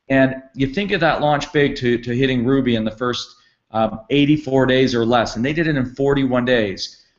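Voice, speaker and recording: A man's voice: mid-range voice, highs cut off. Upbeat man hosting a company call. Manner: upbeat and promotional, many fillers. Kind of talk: enthusiastic sales kickoff call. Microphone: conference call line.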